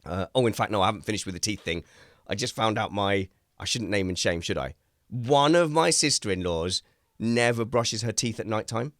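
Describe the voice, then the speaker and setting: A man hosting a casual chat, rambling through animated anecdotes and poking fun at himself. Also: fairly low pitch, normal speed, dry recording, clean studio sound. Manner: rambling, animated storyteller who acts out quotes; self-mocking, laughs at his own stories. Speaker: host.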